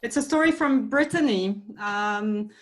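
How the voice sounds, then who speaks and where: A woman telling a folk tale over a video call, in a relaxed, measured way with small laughs. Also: mid-range voice. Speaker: storyteller. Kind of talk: oral folk storytelling.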